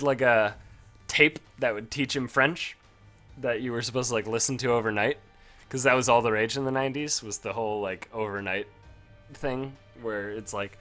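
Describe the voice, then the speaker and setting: A man gives loose, self-deprecating gameplay commentary and swears freely as he goes. His voice has a bright, forward edge, and a little music plays faintly underneath. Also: lowish voice, fairly quick. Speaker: gaming video host.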